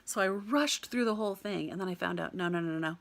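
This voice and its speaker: A young woman from the United States tells a personal story with an easy, animated delivery. Her voice carries a light gravelly fry, and she laughs often as she mimics the people she met. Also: fairly low pitch, fast.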